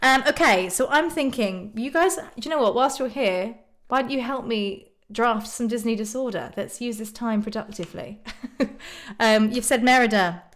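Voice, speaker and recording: A woman's voice: fairly high pitch, normal speed, a bit bright. A woman from Ireland chatting casually on a live stream, reading out viewer comments and answering them. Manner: bubbly, frequent ums and laughs.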